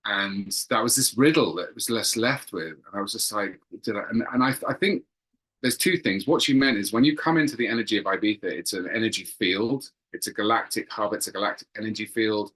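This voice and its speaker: Low, bright-toned man telling a story. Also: fairly quick, rough recording. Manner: earnest, searching for words, repeats phrases. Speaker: guest telling a spiritual experience. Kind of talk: earnest personal storytelling.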